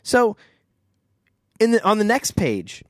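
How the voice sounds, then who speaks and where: A man reading a book aloud on a podcast and chatting about it wryly, slipping into quick quoted voices. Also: sits high, huge pitch swings, no room sound, studio quality. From St. Louis. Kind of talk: casual chat and reading aloud.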